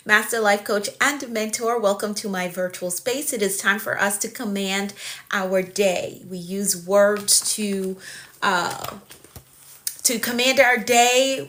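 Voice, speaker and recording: Woman in her 40s doing a live stream as a life coach, upbeat and welcoming, says hi to everyone over and over, bright voice. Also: mid-range voice. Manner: upbeat, welcoming, repeats greetings.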